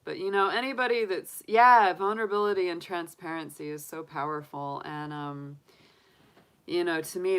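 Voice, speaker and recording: A woman's voice: lowish voice, steady tone, moderate pace, a bit bright, clear, resonant tone. A woman, hosting a tarot live stream, chatting openly and emotionally with viewers and laughing often. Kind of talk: casual live-stream chat.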